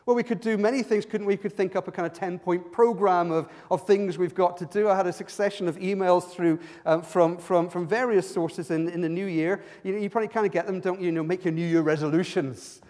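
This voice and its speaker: High-voiced preacher in a reverberant hall. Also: male voice, fairly even intonation. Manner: halting, repeats words, rises and drops in pitch and loudness. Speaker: pastor. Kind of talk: sermon.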